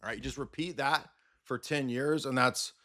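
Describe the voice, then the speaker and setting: A man's voice: medium pitch, moderate pace, bright, forceful tone. A man hosting a livestream, ranting in a combative, sarcastic commentary style. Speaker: livestream host.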